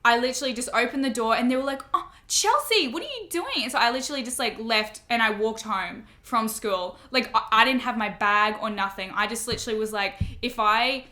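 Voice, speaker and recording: A woman's voice: on the high side, steady tone, a little fast, hardly any pauses, sharp tone. A young woman, hosting a casual chat and telling school stories with lots of fillers and swearing. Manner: swearing, laughing, many fillers like "like". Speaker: podcast host.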